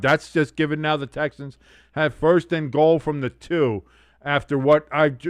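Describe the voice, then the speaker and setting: A man hosting a sports watch-along stream, giving excitable play-by-play with blunt, profane reactions. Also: fairly high pitch, dry recording, clean studio sound. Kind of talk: casual live sports commentary.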